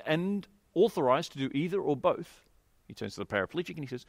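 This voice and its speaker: A man preaching a sermon, telling a scripture story and explaining it in an expressive, emphatic way. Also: on the high side, fast talker, gravelly, no room sound, studio quality.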